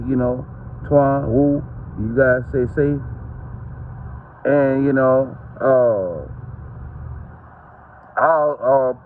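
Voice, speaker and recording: A man's voice: medium pitch, phone-quality sound, slight background noise. A man, ranting to camera in a heated, profane, rambling way. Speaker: vlogger.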